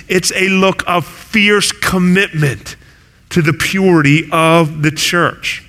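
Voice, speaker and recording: A man's voice: fairly high pitch, fairly even intonation, slow pace, bright, forceful tone. A man preaching a sermon as pastor, earnest and building to intense emphasis. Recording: preaching in a hall with long reverb.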